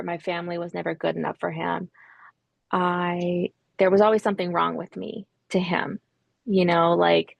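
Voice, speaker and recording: A woman in her thirties tells a difficult personal story as a podcast guest. Her voice is lowish and heavily gravelly with vocal fry, and she hesitates often, restarting sentences and sometimes sinking to a whisper. The sound is dry and close. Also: no echo. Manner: hesitant, many restarts and ums, drops to a whisper at hard moments. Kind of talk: interview storytelling.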